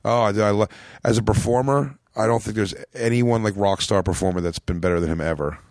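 A man's voice: fairly low pitch, a little fast, no echo, clean studio sound. A man in his late thirties from Philadelphia, a comedian telling stories in casual chat, rambling and acting out the people in his stories. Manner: rambling, animated storyteller acting out quotes. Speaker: comedian guest.

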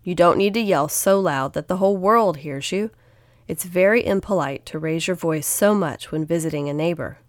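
A woman's voice: fairly low pitch, normal speed, no echo, studio quality, natural voice. A woman voicing a stern, proper grown man who lectures the children in a storybook. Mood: scolding.

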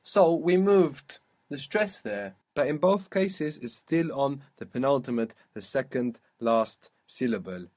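A man's voice: mid-range voice, animated, a little slow, hardly any pauses, darkish tone. A man teaching an Arabic lesson, patiently quizzing a student and modelling how words are pronounced. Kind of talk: spoken language lesson.

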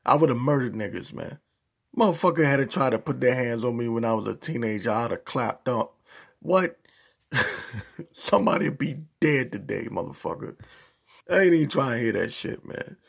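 A man's voice: medium pitch, normal speed, vocal fry, breathy edge. A man giving a casual, profane rant as a YouTube commentator, heavy on slang. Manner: profane, animated ranting with slang.

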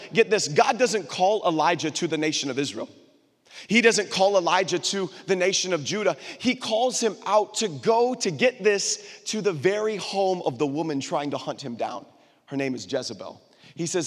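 A man with a slightly high voice preaches a sermon to a live congregation, and the sound carries a long reverb tail. He is emphatic and repetitive, repeating call-and-response phrases so the crowd answers back.

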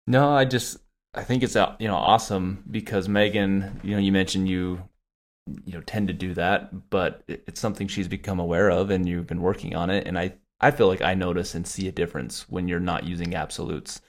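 A young adult man co-hosting a casual podcast chat, talking in a searching, halting way full of "you know". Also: sits low, fairly even intonation. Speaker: podcast co-host.

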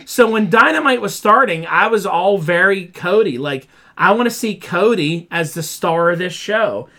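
A man's voice: high voice, lively intonation, moderate pace, sharp tone. A man co-hosting a casual wrestling podcast, ranting with exasperation and mimicking fans in quoted voices. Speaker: podcast co-host.

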